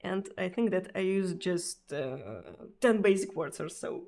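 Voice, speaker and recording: A woman from Russia with a Russian accent, chatting casually on a live stream. She speaks haltingly, with many pauses and restarts, and laughs often. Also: lowish voice, animated, gravelly, a little mellow. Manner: laughs often between sentences.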